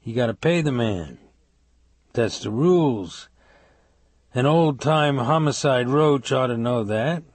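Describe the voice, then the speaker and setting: A man's voice: mid-range voice, animated, slow pace, pauses often, no room sound. Guy putting on a nasty mob thug, crude, mean, taunting. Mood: contemptuous. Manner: menacing, crude, mocking. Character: sneering male mob thug, cruel and taunting.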